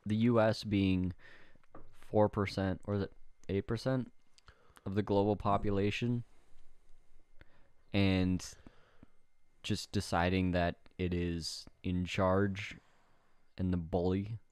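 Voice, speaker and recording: A young man from Canada co-hosting a podcast, giving blunt opinions at a deliberate pace with casual swearing. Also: sits low, little pitch movement, a little mellow, clear, resonant tone, no room sound. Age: young adult. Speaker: podcast co-host. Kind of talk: casual chat.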